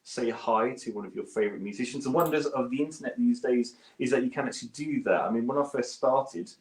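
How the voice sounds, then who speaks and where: Man, British accent, chatty, self-deprecating, middle pitch, roomy echo, home studio, video call. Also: fast talker. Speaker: guest bass player and gear reviewer. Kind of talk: casual interview chat.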